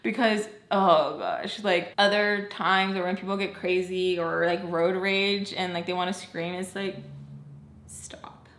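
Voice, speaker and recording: A young woman telling a personal story to her viewers in a chatty, animated way, full of fillers and acted-out quotes. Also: on the low side, unhurried, hardly any pauses, reverberant. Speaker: storytime vlogger. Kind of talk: casual storytelling.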